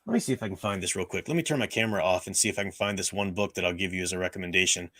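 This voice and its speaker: Hoarse man rambling on a livestream. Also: deep voice, rapid-fire, fairly bright tone. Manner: rambling, many restarts and fillers. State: hoarse, voice worn out. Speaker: livestream host. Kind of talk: casual livestream chat. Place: at home, room with bookshelves.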